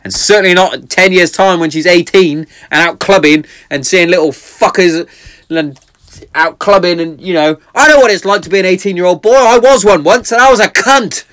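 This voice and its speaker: Swearing man rambling in a podcast. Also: normal speed. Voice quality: heavy swearing, rambling and tangent-prone. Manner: laughs often, swings between loud excitement and low quiet reflection. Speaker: podcast host. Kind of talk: casual solo podcast monologue. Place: garden shed.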